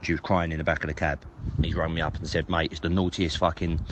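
A man's voice: rumbling low, flat delivery, fast, noisy background. A man, retelling a story casually, hesitant with lots of ums and restarts.

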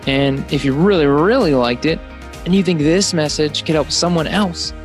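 A man's voice: on the high side, normal speed. A man reading a scripted podcast outro, asking listeners with an upbeat call to action. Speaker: podcast host. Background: faint music.

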